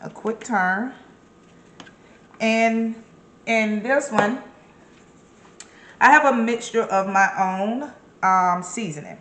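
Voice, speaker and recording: A woman's voice: on the high side, slow pace, long pauses, a bit bright, echoey room. A woman giving a casual, chatty cooking demonstration in her kitchen, encouraging the viewer with emphatic repeated words. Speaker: home cook and caterer.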